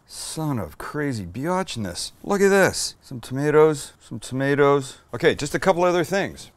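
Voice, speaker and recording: Man, cooking host, casual demo patter, excitable, salty language, mid-range voice. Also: mid-range voice, no room sound. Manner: enthusiastic, swears casually while cooking; talks to the camera crew by name.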